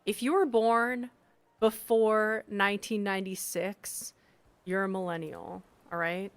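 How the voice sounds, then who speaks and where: Slow-talking woman streamer chatting with chat. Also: mid-range voice, fairly even intonation. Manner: chatty, laughs often, reads chat aloud. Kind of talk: casual live-stream chat while designing. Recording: faint background music.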